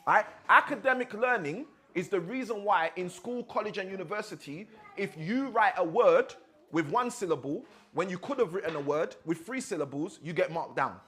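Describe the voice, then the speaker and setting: A man's voice: sits high, animated, normal speed, a bit bright. A man, a father of six, leading an interactive teaching session and asking his audience questions. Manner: asks the audience questions often.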